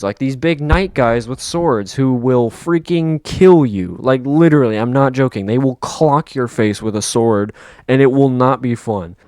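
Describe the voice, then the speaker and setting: A man's voice: medium pitch, clear, resonant tone, no room sound, studio quality. Upbeat young man reviewing a game. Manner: upbeat, joking, slangy. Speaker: gaming video creator. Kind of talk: casual game review voice-over.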